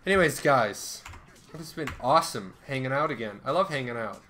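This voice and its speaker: A man's voice: mid-range voice, a little fast, slight background noise. A young man streaming a game live, ranting and swearing as he comments on what he sees. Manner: animated, ranting, swears a lot. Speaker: livestreamer. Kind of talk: casual gameplay commentary.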